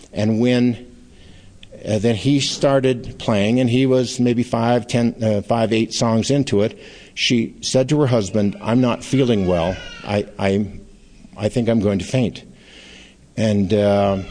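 A middle-aged man, a newspaper columnist, recounts stories in an interview. His voice sits a little low, and he rambles and stumbles, restarting sentences as he goes. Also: darkish tone. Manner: rambling, halting, with frequent restarts. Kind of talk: anecdotal storytelling in an interview.

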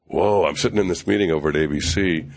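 An older man, a television writer and producer, telling a behind-the-scenes story in an interview, animated and acting out other people's lines, with frequent fillers and restarts. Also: deep voice, fast talker.

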